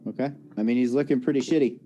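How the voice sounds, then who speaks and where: A man's voice: mid-range voice, rapid-fire, mellow, faint music behind. Joking male dungeon master. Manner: casual, joking, rules explanations with many fillers. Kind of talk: narrating a tabletop game over voice chat.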